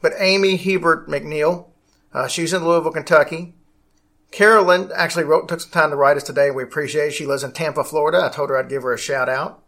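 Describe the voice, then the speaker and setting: A man's voice: on the high side, steady tone, quick pace, fairly bright tone. A man hosting a casual podcast, rambling along and often restarting his sentences. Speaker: podcast host.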